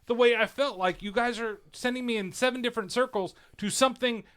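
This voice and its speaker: A man's voice: very high-pitched, a little fast, a bit bright, smooth. A man co-hosting a podcast, telling a profane, ranting story in casual chat. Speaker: podcast co-host.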